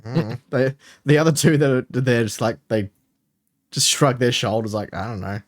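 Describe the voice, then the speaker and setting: A man's voice: mid-range voice, normal speed. Casual man narrating as game master. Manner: casual, filler-heavy narration.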